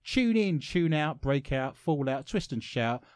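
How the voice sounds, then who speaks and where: A man's voice: mid-range voice, expressive, a little slow, clean tone, no echo. A man with an English accent hosting a radio show in a studio, talking playfully and laughing often. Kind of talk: casual radio chat. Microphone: studio microphone.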